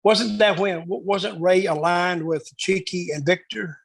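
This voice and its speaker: Guy with a husky gravelly voice spinning long stories, does all the voices, dry close sound. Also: high voice, steady tone, measured pace, no echo, rough recording. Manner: rambling storyteller who acts out quoted dialogue. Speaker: guest storyteller. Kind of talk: casual anecdotal interview.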